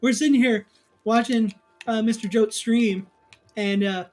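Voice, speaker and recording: A woman's voice: fairly high pitch, steady tone, a little slow, a little mellow. A woman streaming a co-op game, chatting casually, laughing often and directing her partner through puzzles. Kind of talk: casual gameplay chat.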